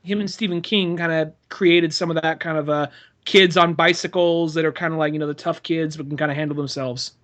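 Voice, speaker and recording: Bright high-voiced man riffing profanely. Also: steady tone, brisk. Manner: profane riffing, acts out voices, laughs often. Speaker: podcast host. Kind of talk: casual comedic chat.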